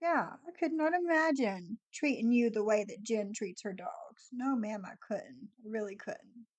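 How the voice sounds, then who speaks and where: Woman, casual chat, high voice, dry close sound. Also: measured pace, darkish tone, no echo.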